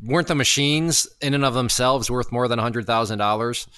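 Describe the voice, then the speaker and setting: A man's voice: mid-range voice, fairly quick, sharp tone, clean tone. A man hosting a casual chat, putting in short remarks and questions. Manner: brief interjections and questions.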